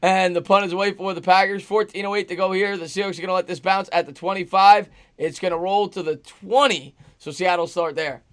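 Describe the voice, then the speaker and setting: A hoarse man hosting a live sports stream, calling plays and thanking chat donors. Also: sits high, steady tone, brisk, few pauses, fairly bright tone. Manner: upbeat, reads out super chats and calls plays. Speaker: host. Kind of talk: live play-by-play stream with chat shout-outs.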